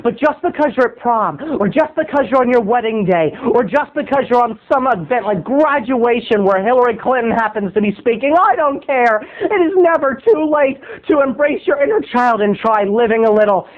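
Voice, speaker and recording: Casting: high-pitched, theatrical comic storyteller on a tinny line. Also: male voice, normal speed, hardly any pauses. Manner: theatrical, animated, keeps addressing listeners as "people". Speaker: host telling a comic story.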